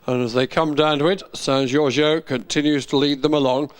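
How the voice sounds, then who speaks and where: A man's voice: on the high side, clear, resonant tone. Man calling a horse race. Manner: steady calling, rising fast and excited at the finish. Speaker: racecourse commentator. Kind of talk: horse racing commentary.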